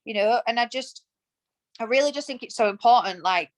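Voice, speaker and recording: The rough recording catches a woman in her thirties with an animated, fairly quick voice on the high side. As a guest in a casual podcast interview, she talks with passion and emphasis, dramatizing the thoughts she quotes.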